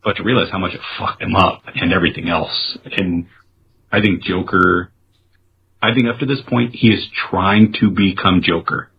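A man's voice: sits low, fairly even intonation, normal speed, creaky, lo-fi sound, a little hiss or hum. A man co-hosting a casual film review chat who speaks frankly and swears freely. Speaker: podcast co-host.

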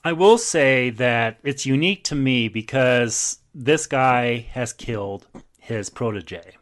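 A man hosting a movie podcast, recapping the plot in quick summaries and laughing often. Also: medium pitch, fairly bright tone. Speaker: podcast host.

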